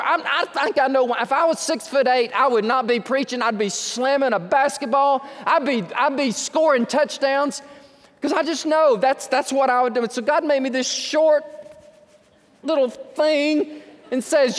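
A man preaching a sermon, telling stories with animated humor. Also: very high-pitched, normal speed. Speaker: pastor. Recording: reverberant hall.

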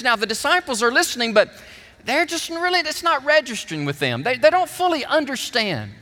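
A man preaching a sermon, telling the story with animated emphasis while showing objects. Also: very high voice, fairly quick, long reverb tail.

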